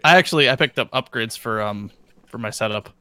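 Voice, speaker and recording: A man's voice: mid-range voice, a little fast, sharp tone, dry recording. A man co-hosting a gaming stream in easygoing casual chat. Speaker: co-host.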